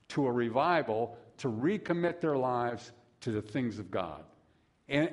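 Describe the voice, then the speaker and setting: A middle-aged man preaching a sermon as a pastor, folksy and conversational, with asides to the congregation. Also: fairly high pitch.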